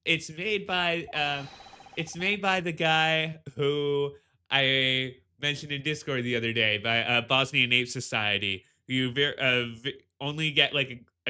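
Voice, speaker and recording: A man's voice: fairly high pitch, sharp tone, smooth. A man streaming a game, chatting casually and rambling with lots of restarts and laughs. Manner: rambling, full of fillers and restarts, laughing often.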